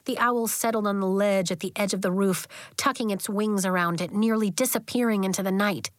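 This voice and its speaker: A woman narrating a children's novel as an audiobook in a gentle, even storytelling manner. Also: mid-range voice, brisk, dry recording, clean studio sound.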